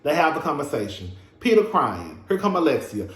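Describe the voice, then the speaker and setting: A man's voice: a little high, very animated, moderate pace, few pauses, sharp tone, roomy sound. A man giving a casual, emphatic and profane recap of a reality TV episode, talking straight to his viewers as a show reviewer.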